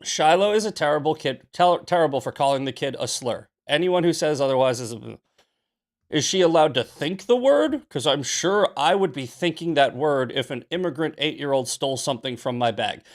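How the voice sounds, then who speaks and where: With a fairly high, expressive voice at an ordinary pace, a young man runs a political livestream show. He responds to his chat by ranting and picking fights, arguing with real heat.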